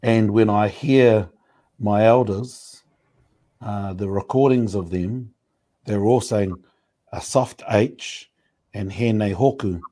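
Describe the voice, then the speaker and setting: A man talking in a relaxed, thoughtful way during a casual discussion, pausing often with fillers. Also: lowish voice. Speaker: panel speaker.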